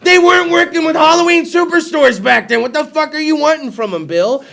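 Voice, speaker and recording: A man's voice: very high-pitched, fairly quick, creaky, bright, forceful tone. A young adult man hosting a talk show, running a crude, profane comedy monologue and teasing his co-host.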